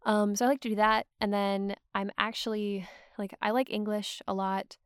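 A woman's voice: medium pitch, level tone, moderate pace, clear, resonant tone, no room sound, clean studio sound. A young adult woman from Georgia, a voice actor, talking in a chatty, rambling way with lots of "like" and frequent laughs. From Georgia, USA. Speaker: voice actor guest. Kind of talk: casual podcast conversation.

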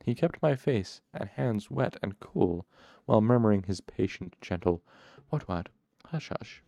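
A man reading a novel aloud as first-person narration, in a measured, even storytelling manner. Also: fairly low pitch, creaky, no echo, clean studio sound. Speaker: audiobook narrator.

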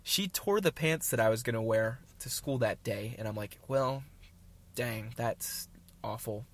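A man's voice: mid-range voice, lively intonation, moderate pace, fairly bright tone. A young man hosting his own show, telling a rambling, self-mocking story in casual chat with jokey asides. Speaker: podcast host.

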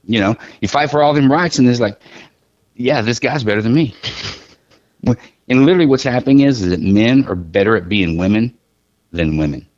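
A man's voice: medium pitch, brisk, a little mellow, highs cut off. A middle-aged man chatting casually as a podcast guest, rambling and joking through his stories with many restarts. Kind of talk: casual chat.

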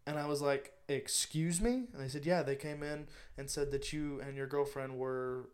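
A man's voice: mid-range voice, normal speed. A young man co-hosting a podcast, telling a story in casual chat and acting out the quotes. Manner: animated, acts out quotes in different voices. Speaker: podcast co-host.

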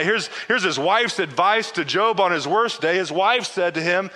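A man preaching to his congregation, his bright and fairly high voice swooping up and down as he plays out scripture scenes with casual asides. He trips over his words and restarts often. His voice rings with the long reverb of a large hall. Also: normal speed. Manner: animated, acts out biblical dialogue with casual asides; frequent stammered restarts. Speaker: pastor. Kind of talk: sermon.

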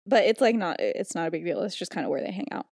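A woman's voice: fairly low pitch, sing-song, quick pace, darkish tone, dry recording, clean studio sound. A young woman co-hosting a podcast, giggling as she retells a story in casual chat, full of "like". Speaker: podcast co-host.

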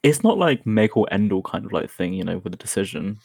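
A young man chatting casually as a podcast co-host, halting and full of fillers. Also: lowish voice, very animated, gravelly, darkish tone, breathy edge, no echo, clean studio sound. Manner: hesitant, many fillers. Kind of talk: casual chat.

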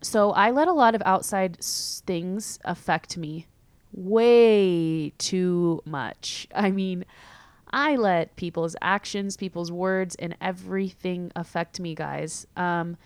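A young woman hosting a podcast, talking casually and candidly with many fillers and quick laughs. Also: fairly low pitch, smooth, no room sound. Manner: chatty, filler-heavy, candid, laughs easily. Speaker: podcast host. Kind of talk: casual solo podcast chat.

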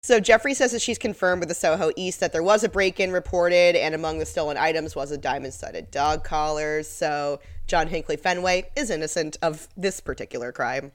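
A woman co-hosting a podcast in casual chat, sarcastic and laughing often. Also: deep voice. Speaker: podcast co-host.

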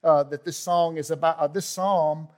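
A man preaches a sermon in a high voice. He builds to loud, shouted peaks, then drops nearly to a hush. His delivery is dramatic. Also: fairly even intonation, normal speed. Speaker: pastor.

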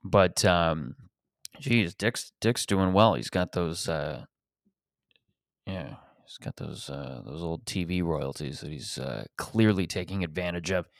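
A man's voice: low-pitched, takes it slowly, dry recording, studio quality. A man hosting a podcast, riffing in a rambling, profane, sarcastic comedic monologue. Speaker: podcast host.

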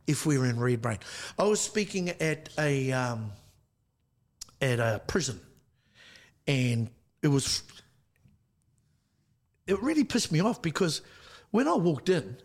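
Man, Māori New Zealand accent, middle-aged, lively storytelling, slightly high voice. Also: measured pace, long pauses. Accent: New Zealand Māori English. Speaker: guest. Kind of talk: casual podcast conversation.

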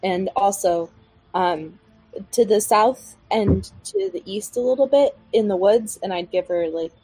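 A woman's voice: mid-range voice, lively intonation, measured pace, warm tone, slightly rough, no echo, poor audio. A woman player in a tabletop game, talking in an easygoing, chatty way. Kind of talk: casual tabletop play.

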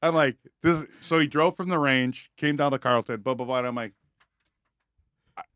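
A man's voice: medium pitch, normal speed, a bit bright, dry recording, clean studio sound. A man hosting a casual podcast, eagerly recapping a guest's day and prompting him along. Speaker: podcast host.

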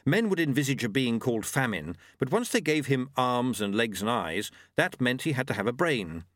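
An audiobook narrator gives scripted narration of a novel in an expressive storytelling style. His mid-range voice moves at normal speed, with a dry, clean studio sound.

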